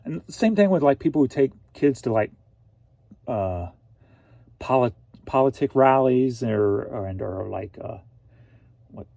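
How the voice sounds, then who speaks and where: Rambling jokey guy from st louis, mellow husky voice, chatting about stuff he sold. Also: mid-range voice, lively intonation, measured pace, pauses often, no echo. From St. Louis, Missouri. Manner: rambling and jokey, laughs often. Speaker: reseller vlogger. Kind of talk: casual chat.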